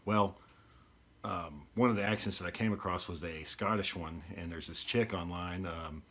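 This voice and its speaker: A man's voice: low voice, moderate pace, fairly bright tone. A man, hosting his podcast in a rambling, easygoing casual talk. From East Texas. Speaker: podcast host.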